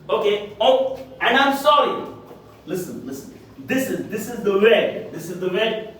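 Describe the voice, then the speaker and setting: Man, Indian English accent, English teacher, repetitive drilling, high voice, far from the mic, faint room hum. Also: a bit bright. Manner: repetitive, drilling phrases with rhetorical checks. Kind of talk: spoken English lesson. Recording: very echoey room, voice from afar.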